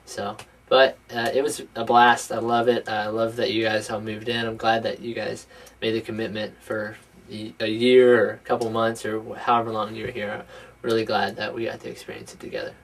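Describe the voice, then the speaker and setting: A young man with a fairly low voice talks earnestly and haltingly, stumbling over his words as he tries to say what he means. He sounds a little distant from the mic. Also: level tone. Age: young adult. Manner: sincere, hesitant, many restarts. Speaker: housemate. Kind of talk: casual reflective talk.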